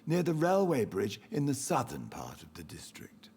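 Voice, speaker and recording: A gravelly, loyal old servant. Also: male voice, medium pitch, huge pitch swings, normal speed, darkish tone, slight background noise. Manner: deferential, earnest. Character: loyal male household servant, earnest. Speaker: game character. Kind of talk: video game voice acting.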